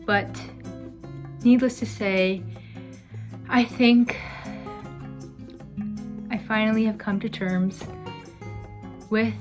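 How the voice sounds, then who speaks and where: A woman's voice: medium pitch, steady tone, extremely slow, long pauses, over music. A young adult woman vlogging in a casual, chatty way, dramatically complaining and using lots of "like" fillers. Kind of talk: casual vlog chat.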